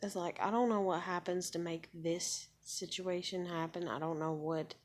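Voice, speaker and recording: A woman's voice: fairly low pitch, fairly even intonation, normal speed. A woman in her thirties venting in a rambling, casual monologue, frustrated and swearing often. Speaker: vlogger.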